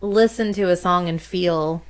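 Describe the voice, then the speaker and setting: Woman, casual chat, filler words, low-ish pitch. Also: unhurried. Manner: chatty, lots of "like" fillers. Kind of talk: casual conversation.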